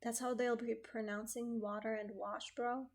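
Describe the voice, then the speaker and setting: A young woman streamer from outside the United States chatting casually with her chat, rambling and excitable, swearing freely and packing her talk with fillers. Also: a little high, normal speed.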